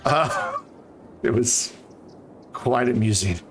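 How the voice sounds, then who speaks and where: A man's voice: medium pitch, expressive, extremely slow, a bit bright, faint music behind. A man streaming a game, chatting casually and rambling to his viewers. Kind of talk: casual live-stream chat.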